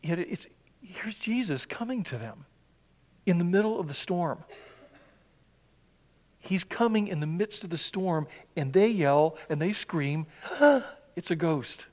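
A man preaching a sermon in a church, acting out scripture quotes with sudden swings from loud cries to hushed whispers. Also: sits high, unhurried, long pauses, long reverb tail. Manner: animated, acts out quotes with swings from shouts to whispers. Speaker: pastor. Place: church sanctuary.

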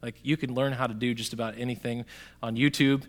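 A man preaching a sermon, talking straight to the congregation, swinging from loud emphatic bursts to quiet, soft lines. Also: medium pitch, fairly even intonation, fairly quick. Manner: conversational, addresses the congregation directly. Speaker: pastor.

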